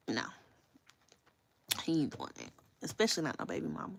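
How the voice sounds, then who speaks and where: A woman hosts a casual livestream, speaking candidly and directly to her viewers and swearing freely. Her low, gravelly voice has a breathy edge and a sing-song lilt. She talks a little fast, with long pauses.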